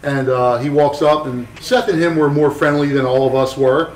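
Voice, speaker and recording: Tattoo guy rambling and cussing through a story, kinda high voice, far off the mic in an echoey room. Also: fairly even intonation, moderate pace. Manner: rambling, profane, with many restarts. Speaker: tattoo artist guest. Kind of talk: casual storytelling chat.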